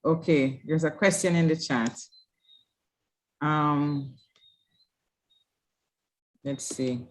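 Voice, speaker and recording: A woman moderator running an online panel, thanking the speakers and opening the floor in a friendly, brisk way. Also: low-pitched.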